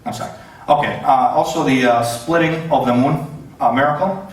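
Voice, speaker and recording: A man at a mid pitch gives a debate talk, stumbling often and correcting himself as he goes. His voice rings around a very echoey hall and sounds set back from the microphone. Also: normal speed, recorded from a distance. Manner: hesitant, many fillers and self-corrections. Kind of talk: debate presentation with slides. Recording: very echoey hall, voice away from the mic.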